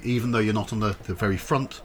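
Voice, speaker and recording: A man's voice: fairly low pitch, fast, a little hiss or hum. A man narrating as game master of a tabletop game, rambling with ums and self-corrections.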